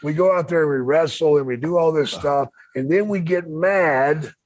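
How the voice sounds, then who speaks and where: A man's voice: fairly high pitch, moderate pace, a little mellow, dry recording. An older man co-hosting a podcast in casual chat, blunt and profane, often laughing as he talks. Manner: blunt, profane, laughs through his words. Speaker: podcast co-host.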